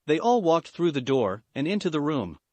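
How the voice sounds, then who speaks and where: Male storyteller, steady delivery, dry booth sound. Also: on the high side, moderate pace, no echo. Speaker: fan fiction narrator. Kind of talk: scripted narration.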